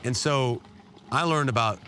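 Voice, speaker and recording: A middle-aged man giving an earnest, emotional personal testimony as an interview guest, his pitch jumping up when he is moved. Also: measured pace, sharp tone. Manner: emotional, earnest storytelling with sudden rises in pitch. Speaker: guest telling a war story.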